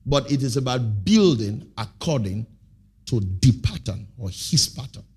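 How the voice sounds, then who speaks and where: A man preaching a sermon, throwing half-finished questions to the congregation and stressing key words with sudden loud, drawn-out bursts. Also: medium pitch, lively intonation, slightly rough. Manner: call-and-response preaching, leaving blanks for the congregation. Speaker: pastor.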